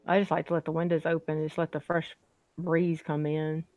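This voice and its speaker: A woman's voice: low-pitched, little pitch movement, a little fast, darkish tone, no echo. A woman chatting casually as a co-host, laughing often and dropping folksy sayings. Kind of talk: casual chat. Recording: dull, lo-fi, dry.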